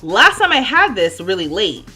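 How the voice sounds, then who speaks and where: A woman in her thirties chatting casually on a livestream while she plays, laughing often and thinking out loud. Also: medium pitch, big pitch swings, normal speed, slightly rough, faint music behind. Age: 30s. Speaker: streamer.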